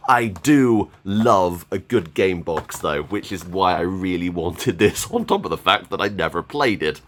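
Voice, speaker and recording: A man chats through a game haul in a casual vlog. His voice is lively and swings widely in pitch, and he breaks into laughs often. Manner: chatty, enthusiastic, laughs often. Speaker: gaming YouTuber.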